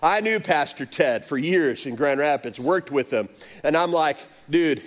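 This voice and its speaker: A man's voice: on the high side, normal speed. A middle-aged male pastor preaching a sermon, telling stories and acting out voices. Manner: animated storytelling preacher, acts out voices.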